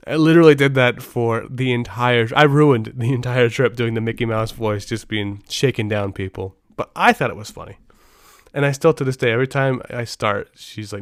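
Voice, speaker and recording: A man's voice: mid-range voice, fairly quick, clean tone, no room sound. A man hosting a casual podcast, telling rambling, anecdotal stories over a close mic. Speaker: podcast host.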